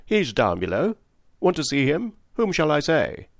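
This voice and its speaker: A man's voice: fairly high pitch, wildly swooping pitch, unhurried, vocal fry, dry recording, studio quality, voice pushed up, heavily acted. A man reading the part of a genial old yacht owner who talks in a hearty, hospitable way.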